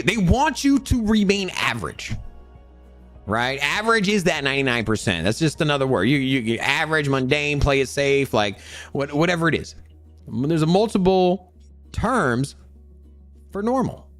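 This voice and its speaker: A man rants about work and money in a casual motivational style, his voice a touch high and swinging widely in pitch. He trips over repeated words and slips into other people's voices along the way. A faint bed of music plays under the close, dry sound. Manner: animated, repeats words, acts out quoted voices. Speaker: crypto channel host.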